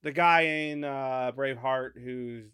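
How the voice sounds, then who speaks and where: A man's voice: medium pitch, fairly even intonation, takes it slowly, pushed and bright, clean tone. A man from North Carolina with a Southern accent, co-hosting a podcast in loose, profane casual chat that often stops and restarts. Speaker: podcast co-host.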